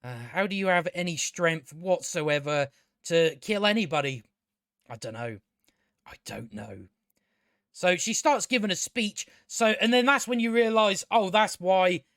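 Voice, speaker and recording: A man's voice: high voice, lively intonation, moderate pace, fairly bright tone, no room sound, clean studio sound. A man reviewing a TV show in a casual solo rant, sarcastic and profane, often stammering and restarting his sentences.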